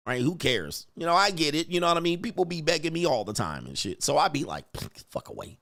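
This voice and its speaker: A man's voice: a little high, very animated, fast, gravelly, a bit bright. A man hosting a livestream, ranting with constant swearing and mocking asides, reading chat messages aloud. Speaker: livestream host. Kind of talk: profane ranting commentary.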